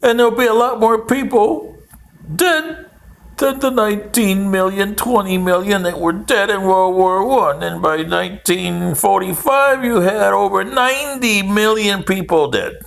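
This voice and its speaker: A man's voice: sits high, a little slow, vocal fry, fairly bright tone. A man, older, giving a rambling history monologue with sarcastic, mocking asides.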